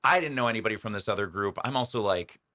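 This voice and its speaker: A man's voice: on the low side, racing, sharp tone, no echo, clean studio sound. A young adult man, a comedian, telling stories as a guest in a radio interview, chatty and self-deprecating, rambling with fillers and laughs. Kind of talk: casual interview storytelling. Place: radio studio.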